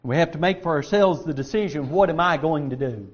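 Male preacher, high voice, emphatic, loud stresses and soft asides. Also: brisk, lo-fi sound. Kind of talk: sermon.

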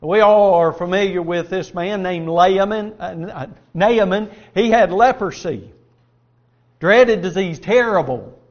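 A man's voice: high-pitched, takes it slowly, highs cut off. A man preaching a sermon and reading scripture aloud, earnest and folksy, asking his listeners rhetorical questions.

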